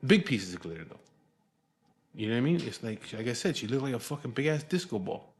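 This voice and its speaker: A man's voice: mid-range voice, big pitch swings, fast talker. A man telling a long story in a casual, rambling way, swearing often and sounding exasperated.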